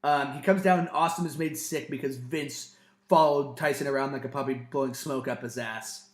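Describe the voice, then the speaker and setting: A man co-hosting a podcast, recapping in casual chat, animated and swearing freely. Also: mid-range voice, moderate pace. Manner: animated, swears freely, acts out quotes in loud bursts. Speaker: podcast co-host. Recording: roomy echo.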